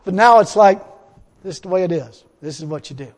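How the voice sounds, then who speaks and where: A man's voice: high-pitched, a little fast, in a large hall. A middle-aged man preaching a sermon in an emphatic, repetitive way, often breaking into laughter and exclamations of praise.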